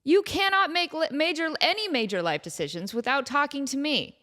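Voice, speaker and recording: A woman's voice: high-pitched, lively intonation, a little fast, fairly bright tone. A woman hosting her own podcast, chatting casually in a playful, self-mocking way with rambling asides. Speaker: podcast host. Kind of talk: casual solo chat.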